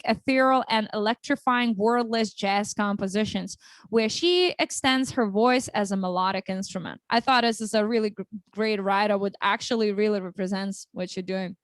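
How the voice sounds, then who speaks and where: A woman's voice: fairly high pitch, no echo. A woman hosting a casual livestream interview, chatty and upbeat, often restarting her sentences. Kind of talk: casual chat.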